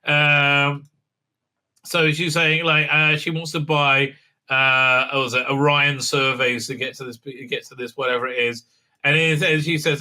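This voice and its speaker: Man, host, episode recap, very bright sharp tone, slightly high voice, halting and sarcastic. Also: flat delivery. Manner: halting, many fillers, acts out quotes in silly voices. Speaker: show host reviewing a TV episode. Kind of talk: rambling casual recap with mocking asides.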